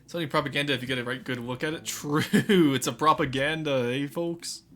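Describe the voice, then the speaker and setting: A man's voice: fairly high pitch, fairly even intonation, fairly quick, a bit bright, soft background music. A man streaming a game live, chatting and joking with his viewers while he plays. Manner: chatty, joking, talks to chat. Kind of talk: casual live game commentary.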